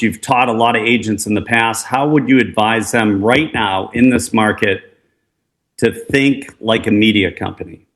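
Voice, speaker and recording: A man's voice: fairly low pitch, a bit bright. A man hosting a casual panel call, upbeat and affirming as he passes the floor to guests. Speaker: host.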